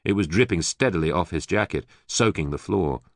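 Deep-voiced man narrating an audiobook. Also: a little fast, no echo, studio quality. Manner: steady, even storytelling.

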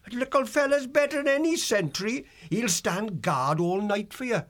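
A man's voice: extremely high pitch, animated, moderate pace, fairly bright tone, pitched above the performer's own voice. A male audiobook reader voicing a chatty, food-loving old male dormouse who talks in a rustic, rambling country dialect. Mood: folksy. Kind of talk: audiobook character voice.

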